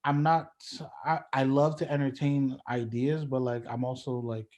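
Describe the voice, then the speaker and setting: A young man, a guest musician, talking in a relaxed, loose podcast chat and leaning on "like" and "you know". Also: mid-range voice, normal speed. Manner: laid-back, heavy on "like" and "you know".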